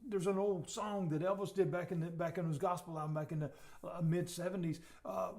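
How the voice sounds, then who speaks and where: Male pastor, high voice, earnest sermon teaching, hushed emphasis at times. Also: steady tone, fairly quick, gravelly. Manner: earnest, repeats words, drops to soft emphasis.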